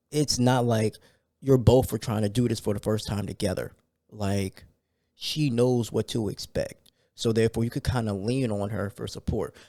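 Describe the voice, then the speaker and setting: A man hosts his own podcast, talking off the cuff with plenty of fillers and bursts of excited ranting. His voice sits low and mellow. It is recorded close and dry, with no room sound. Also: no echo. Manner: loose and conversational, with fillers and rising excited rants. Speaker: podcast host. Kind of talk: casual solo podcast talk.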